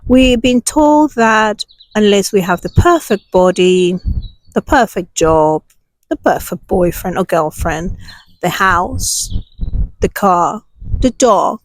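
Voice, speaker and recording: A woman's voice: mid-range voice, low-quality recording. A woman hosting a self-healing talk, guiding a meditation and then speaking emphatically about inner awareness, recorded outdoors. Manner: slow, soothing and emphatic. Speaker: self-healing channel host. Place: outdoors with passers-by.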